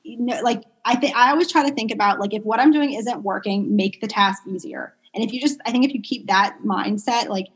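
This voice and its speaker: A woman working as a pediatric speech therapist, chatting casually in an interview and telling stories with lots of fillers and animated quoted voices. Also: mid-range voice, a little fast, hardly any pauses, husky. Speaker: pediatric speech-language pathologist guest.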